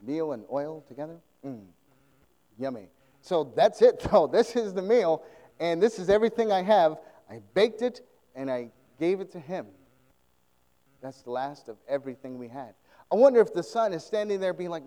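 A man's voice: on the high side, normal speed, big-room sound, rough recording. A man preaching a sermon, retelling a story with lots of laughter and acted-out voices. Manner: animated, laughing often, acting out scenes.

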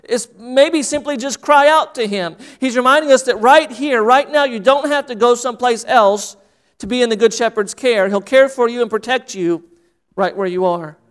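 A man's voice: very high-pitched, normal speed, smooth. A man preaching a sermon as pastor, earnest and repeating phrases for emphasis.

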